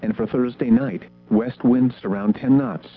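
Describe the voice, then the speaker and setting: A male forecast voice with a synthetic-sounding edge reads out winds and waves in a steady, list-like rhythm, jumping sharply up in pitch on short phrases. The sound is narrow and tinny, like a phone line. Soft guitar music plays faintly behind him. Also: breathy edge. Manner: measured, even, list-like delivery. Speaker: weather forecast reader. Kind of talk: scripted marine weather forecast.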